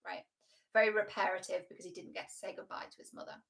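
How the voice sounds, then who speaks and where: A woman relationship coach giving casual reaction commentary, frank and animated, swearing freely. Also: mid-range voice, quick pace.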